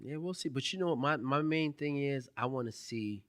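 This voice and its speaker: A man co-hosting a casual podcast chat, animated and teasing, dropping into low emphatic tones to make his point. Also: fairly quick, dry recording. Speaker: podcast co-host.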